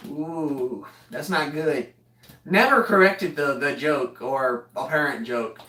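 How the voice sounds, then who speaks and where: Slow and forceful, this young vlogger's high-leaning, bright voice meanders through a funny tale full of jokes and laughter. The mic catches him from a distance in a roomy space rather than up close.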